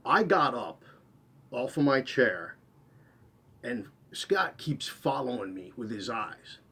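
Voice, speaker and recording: Slow, husky man telling a spooky story. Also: medium pitch, big pitch swings, a bit bright. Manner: rambling, repeats and corrects himself. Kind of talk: first-person storytelling.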